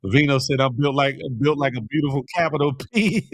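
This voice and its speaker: A man's voice: mid-range voice, moderate pace, dry recording, clean studio sound. A middle-aged man hosting a morning livestream, reading viewer comments aloud in casual, slangy banter, often laughing. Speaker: host of a morning livestream show.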